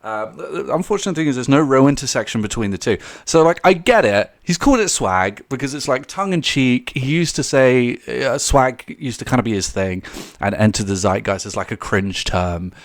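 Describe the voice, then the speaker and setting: A man's voice: medium pitch, fairly quick. A young man giving casual, rambling commentary on a vlog, laughing often and restarting his sentences. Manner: rambling, animated, laughs often, mocking quoted voices; many fillers and restarts. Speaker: commentary YouTuber.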